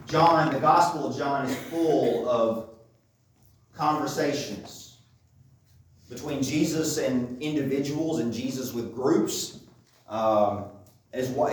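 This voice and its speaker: Preaching conversationally, a man with a medium-pitched voice keeps repeating phrases to drive his points home. He's picked up by a distant mic in an echoey room, with slight background noise.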